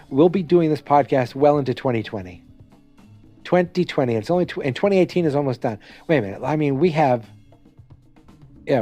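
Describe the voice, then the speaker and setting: A man's voice: fairly high pitch, dark tone. A man hosting a solo podcast in a loose, upbeat, rambling way that keeps correcting itself. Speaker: podcast host.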